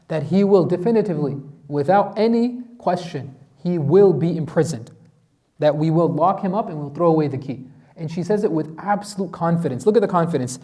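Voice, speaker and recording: A man's voice: a little high, a little fast, warm tone. A man teaching a Quran lesson as an imam, asking his class questions and reciting Arabic verses.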